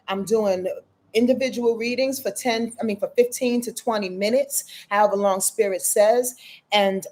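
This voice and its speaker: A woman's voice: mid-range voice, darkish tone. A woman astrologer doing live-stream readings, frank and affectionate, calling her viewers honey and baby and swearing freely. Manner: frank, affectionate, profane, chatty.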